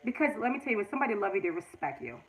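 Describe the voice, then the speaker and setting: A woman's voice: mid-range voice, very animated, rapid-fire, poor audio. A middle-aged woman hosting a casual livestream, earnestly giving relationship advice straight to her viewers. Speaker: livestream host.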